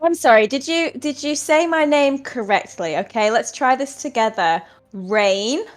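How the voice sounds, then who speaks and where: Player at a tabletop session, casual and exasperated, raised pitch, faint music. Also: female voice, moderate pace. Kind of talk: playing a tabletop game.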